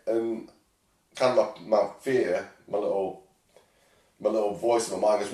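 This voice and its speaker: Deep-voiced man musing on life. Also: steady tone, measured pace, long pauses, mellow. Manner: reflective, rambling, with many fillers. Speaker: podcast host. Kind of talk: casual chat. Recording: echoey room.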